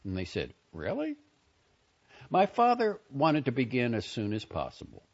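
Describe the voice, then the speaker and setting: A man reading a story aloud for a reading service for the blind, expressive and lively. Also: medium pitch, normal speed. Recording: dull lo-fi recording.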